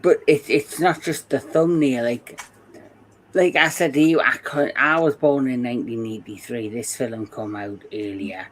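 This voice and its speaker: A Geordie man in his forties spins a rambling anecdote at an unhurried, drawn-out pace, laughing along as he goes. A faint hiss of noise sits under his voice. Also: mid-range voice, poor audio. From England. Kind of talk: casual chat.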